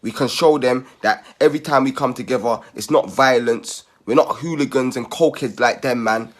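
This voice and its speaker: A man's voice: medium pitch, normal speed. Rallying man. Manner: rallying, persuasive, repeats "yeah?" as a tag. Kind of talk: community appeal video.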